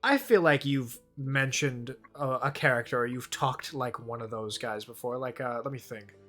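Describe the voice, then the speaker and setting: Male player, bright voice, rambling jokey delivery, faint music bed. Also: medium pitch, normal speed. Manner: joking, rambling, swears often. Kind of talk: casual tabletop game chat.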